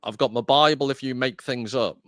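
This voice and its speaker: A man's voice: medium pitch, fairly quick, fairly bright tone, dry recording, studio quality. A man hosting a casual discussion, chatty and self-deprecating, often rambling. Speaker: host.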